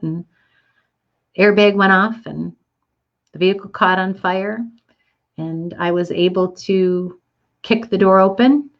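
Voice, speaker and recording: A woman's voice: on the low side, muffled recording. Earnest woman sharing a heartfelt reflection. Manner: earnest, heartfelt, with restarts and soft laughs. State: a little teary-eyed. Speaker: motivational speaker. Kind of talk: personal reflective monologue.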